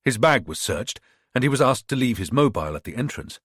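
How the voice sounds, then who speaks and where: A man narrating a thriller audiobook in a measured, expressive reading. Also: medium pitch, slightly rough, no echo, studio quality.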